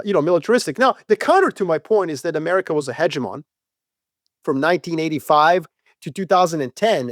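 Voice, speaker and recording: Animated man debating in a dry studio. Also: a little high, no echo. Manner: animated, profane, acts out quoted voices. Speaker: podcast co-host. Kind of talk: casual debate.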